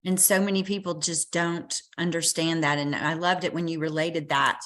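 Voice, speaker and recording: A woman's voice: low voice, steady tone, moderate pace, fairly bright tone. A woman hosting an interview on a video call, gushing with praise and thanks. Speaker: host.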